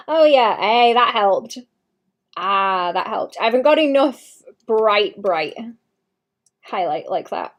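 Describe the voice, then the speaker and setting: A woman's voice: medium pitch, lively intonation, slow pace, pauses often. Woman musing aloud while painting live. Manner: thinking aloud, trailing off and restarting sentences, occasional muttered asides. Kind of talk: casual livestream commentary while painting.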